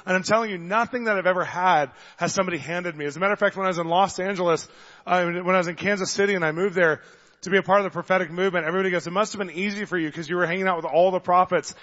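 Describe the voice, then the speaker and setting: A man preaching a sermon, telling stories in an animated way, acting out the voices of the people in them and getting loud at times. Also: high voice, rapid-fire. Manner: animated storyteller, acts out voices, gets loud. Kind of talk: sermon with storytelling. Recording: dull long hall reverb.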